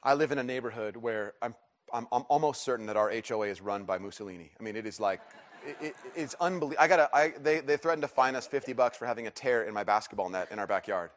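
A middle-aged male pastor delivers a sermon to a church congregation. He tells personal stories with lots of restarts and swings from quiet, low reflection up to loud, pleading questions. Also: quick pace, slight background noise. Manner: animated storytelling, restarts and rising emphatic questions. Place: church service.

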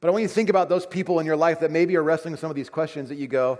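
A pastor preaching a conversational sermon, acting out everyday dialogue. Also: male voice, on the high side, steady tone, very fast, few pauses, darkish tone. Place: church sanctuary. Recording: reverberant church hall.

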